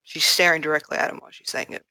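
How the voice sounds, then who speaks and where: A woman's voice: low-pitched, level tone, very fast, background noise. A woman describing her character's actions in a casual, sarcastic tabletop game. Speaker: player.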